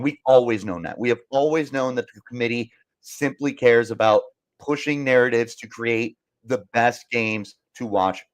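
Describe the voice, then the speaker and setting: Young guy fired up about rankings, keeps repeating himself, mid-pitch voice. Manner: exasperated, emphatic, repeats himself for emphasis. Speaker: sports podcast host. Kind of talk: fired-up sports talk, reading live comments.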